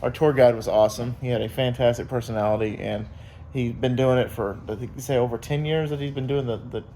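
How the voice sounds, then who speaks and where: A man's voice: mid-range voice, fairly even intonation, quick pace, dark tone, a little hiss or hum. A young man casually vlogging to his viewers, rambling through a story with many fillers. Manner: rambling, upbeat, lots of fillers and quoted voices.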